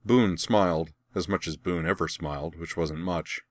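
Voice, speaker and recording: A man narrating a fan fiction story as an audiobook, with an even, wry storytelling manner. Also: sits low, normal speed, no echo, studio quality.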